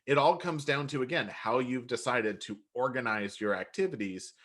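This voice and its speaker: Man, webinar co-host, mid-pitched, conversational, quick interjections. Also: fairly bright tone. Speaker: co-host answering viewer questions. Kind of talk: live webinar instruction.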